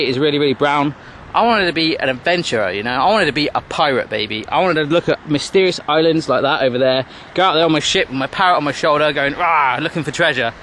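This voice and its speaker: Cooking in a home kitchen into a camera on a tripod, a man hosts a casual cooking show, chatty, jokey and playful. His voice is fairly high and a bit bright, with a roomy sound and a little hiss or hum.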